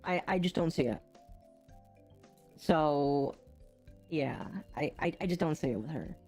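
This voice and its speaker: A young adult woman co-hosting a casual streamed podcast, rambling and halting with frequent restarts and small laughs. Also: deep voice, expressive, a little mellow, faint music behind. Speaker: podcast co-host.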